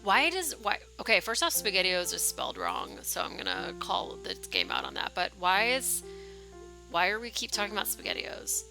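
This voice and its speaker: A woman's voice: medium pitch, sing-song, moderate pace, gravelly, music in the background, poor audio. A young woman streaming a game, chatting casually and rambling, with lots of "like" and "um". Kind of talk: casual livestream commentary.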